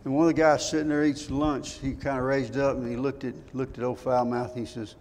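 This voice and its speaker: A man's voice: mid-range voice, moderate pace, dark tone, a little hiss or hum. An older man preaching a sermon, telling folksy stories and asking his congregation rhetorical questions. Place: church sanctuary. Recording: church hall reverb.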